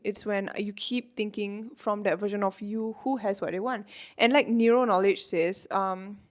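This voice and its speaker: Chatting to camera with a medium pitch, a woman in her twenties who works as a manifestation coach keeps things casual. Her talk is peppered with "like" and "you know," and she laughs a lot.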